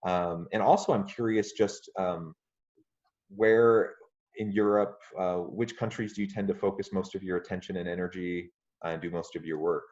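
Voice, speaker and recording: Deep-voiced podcast host, muffled sound. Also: male voice, steady tone, darkish tone. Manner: polite, measured, frequent "um" and "uh". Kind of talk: podcast interview. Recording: muffled lo-fi audio.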